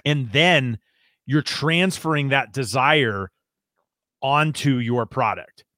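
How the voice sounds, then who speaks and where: An American man co-hosting a podcast, talking casually about marketing with quick asides and lots of restarts. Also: medium pitch, sharp tone, dry recording, studio quality. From United States. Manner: chatty, quick asides, frequent fillers and restarts. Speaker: podcast co-host.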